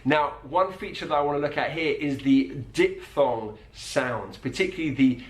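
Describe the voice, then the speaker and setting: A man teaching about accents in a clear, patient way, slowing down to demonstrate individual sounds. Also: fairly high pitch. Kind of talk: explanatory video lesson. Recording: echoey room.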